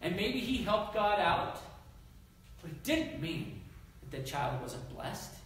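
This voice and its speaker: Animated male pastor in an echoey hall. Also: high voice, takes it slowly. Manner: conversational, animated, acts out scripture. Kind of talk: sermon. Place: church. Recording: echoey church hall, distant mic, background noise.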